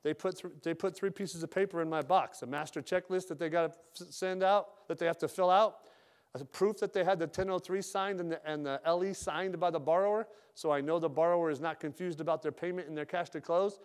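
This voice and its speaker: Speaking a little fast in a steady, clear, resonant voice that runs a bit high, a blunt manager rallies a room of loan officers on sales. His style is plain and casual, heavy on slang, jokes, and dry humor.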